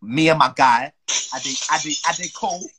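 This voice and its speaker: A young man, a footballer telling an animated, slang-filled story as a guest. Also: a little high, unhurried, slightly rough, poor audio. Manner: animated, slang-heavy, acts out the people he quotes. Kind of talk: casual storytelling.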